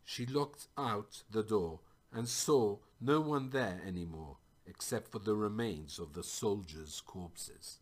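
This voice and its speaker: A man's voice: fairly low pitch, takes it slowly. A man reading a fantasy story aloud.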